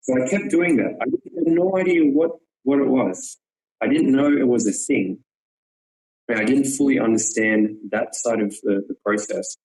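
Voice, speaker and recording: A man talking as an archery coach in a webinar, explaining technique earnestly, repeating words for emphasis and checking in with a quick "yep". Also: mid-range voice, darkish tone, low-quality recording.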